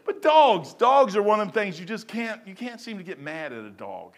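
A man preaching a sermon in a folksy, rambling way, swinging between loud bursts and quiet asides. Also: high-pitched, sing-song, normal speed. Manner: folksy and rambling, with stumbles and chuckles.

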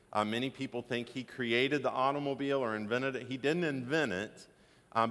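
Brief: man pastor, mid-pitched voice, storytelling sermon with jokes, long reverb. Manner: storytelling, joking asides. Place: church sanctuary.

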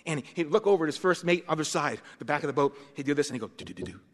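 Man, preacher, animated storytelling, a bit high, long hall reverb. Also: racing. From Massachusetts, USA. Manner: animated, swings between hushed and loud. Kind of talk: sermon with personal storytelling.

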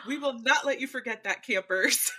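A woman's voice: on the high side, normal speed, sharp tone. A woman co-hosting a podcast, chatting casually about a reality show and mimicking what people said. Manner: chatty, quotes people in put-on voices, laughs. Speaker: podcast co-host. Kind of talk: casual recap chat.

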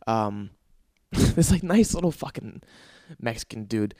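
A man's voice: lowish voice, expressive, unhurried, warm tone, dry recording, clean studio sound. A young man hosting his own podcast, telling stories in an exasperated, profane, ranting way with sighs and laughs between bits. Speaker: podcast host. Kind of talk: casual comedic monologue.

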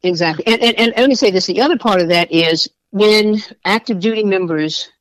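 A woman state senator and veteran speaks passionately as a podcast interview guest, repeating phrases for emphasis. Her voice is medium-pitched and brisk, with no echo, on a dull, dry lo-fi recording.

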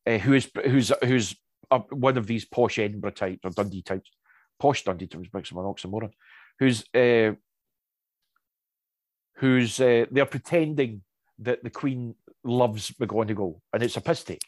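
A man chatting casually and telling anecdotes, lively, with many restarts and asides. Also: mid-range voice, measured pace, dry recording. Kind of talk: casual chat.

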